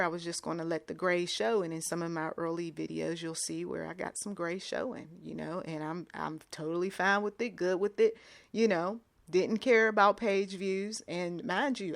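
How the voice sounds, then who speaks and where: A woman's voice: lowish voice, dry recording. Dry-sounding middle-aged woman giving advice. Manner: conversational, emphatic, with asides. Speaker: host of a Christian advice audio show. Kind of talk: casual advice monologue.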